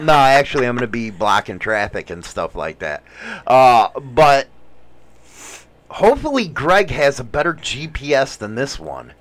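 A man's voice: medium pitch, very animated, a little slow, fairly bright tone. A man hosting a casual podcast, teasing his co-host and swearing often. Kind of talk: casual chat.

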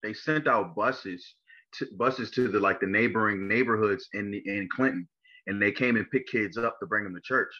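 A young man from Maryland speaks with a fairly low voice, halting often and restarting his sentences. The recording sounds a little dull and lo-fi, as if the top end is cut off. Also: sharp tone, breathy edge. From Maryland, USA. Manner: halting, full of fillers and repeated starts. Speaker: interview guest. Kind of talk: personal testimony interview.

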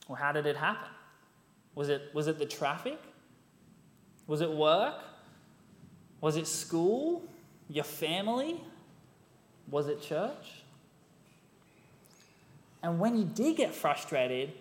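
Animated young preacher in an echoey hall. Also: male voice, fairly high pitch, takes it slowly, long pauses. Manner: animated storytelling, rhetorical questions. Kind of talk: sermon. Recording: echoey hall, long reverb.

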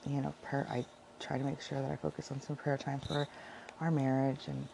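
A woman chatting casually about her Bible devotions, rambling and correcting herself often, with a heavy vocal fry. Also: rumbling low, level tone, fairly quick, dark tone, a little hiss or hum, low-quality recording. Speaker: vlogger sharing Bible devotions.

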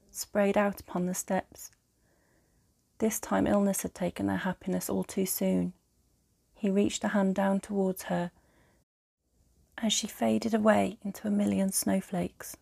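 A woman co-host narrating a romantic fairytale story in a calm, gentle, hushed way, soft and breathy in places. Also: mid-range voice, dry recording.

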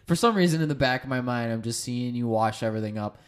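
A man's voice: medium pitch, fast. A man co-hosting a podcast, chatting casually in a profane, joking, rambling way. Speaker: podcast co-host. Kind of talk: casual chat.

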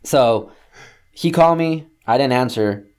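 A young man telling a story casually, swearing a lot and acting out shouted quotes. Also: medium pitch, measured pace, smooth. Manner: profane, animated, acts out yelling quotes.

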